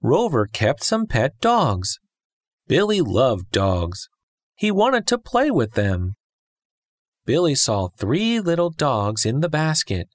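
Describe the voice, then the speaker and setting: Male narrator, slow, animated storybook read, dry close sound. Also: medium pitch, dry recording. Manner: slow, clear, storybook reading. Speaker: textbook audio narrator. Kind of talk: scripted story reading for English learners.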